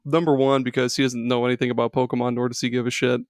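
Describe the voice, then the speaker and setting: Male podcast host, thirties, jokey and relaxed, mid pitch, dry close sound. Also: racing, dry recording. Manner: jokey, laid-back, laughs often. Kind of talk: casual podcast chat.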